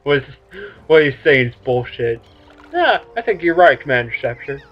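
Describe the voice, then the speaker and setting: A let's play host comments on the game he is playing, joking crudely in laid-back asides. His medium-pitched voice is very animated at a moderate pace, recorded on a dull lo-fi mic with game music playing.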